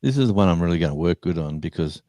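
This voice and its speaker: A man's voice: deep voice, expressive, racing, mellow, no room sound. An older Australian man from New South Wales co-hosting a casual live stream, rambling and correcting himself as he chats. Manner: rambling, self-correcting, chatty storytelling. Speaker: livestream co-host.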